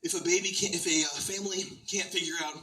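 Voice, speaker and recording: A man doing stand-up comedy, telling absurd stories in a deadpan, rambling way. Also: sits high, quick pace, echoey room, far from the mic, rough recording.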